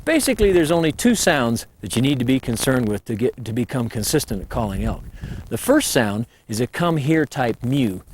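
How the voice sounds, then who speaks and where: A man teaching elk calling in a folksy, lively way, breaking into high call demonstrations. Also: normal speed, slight background noise. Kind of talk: instructional talk.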